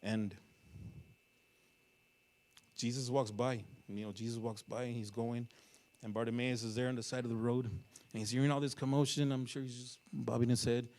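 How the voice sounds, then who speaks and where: Guy preaching in church, mid pitch, storyteller style, gets loud then goes real quiet, keeps asking the room questions. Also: little pitch movement, normal speed, long pauses. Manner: dramatic storytelling with sudden loud and hushed passages; asks the congregation questions. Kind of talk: sermon. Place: church sanctuary.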